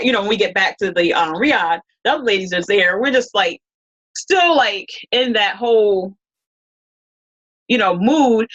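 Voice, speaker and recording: A woman's voice: medium pitch, a bit bright, muffled recording. A woman as an interview guest, telling a story in a casual, rambling way full of restarts and quoted dialogue.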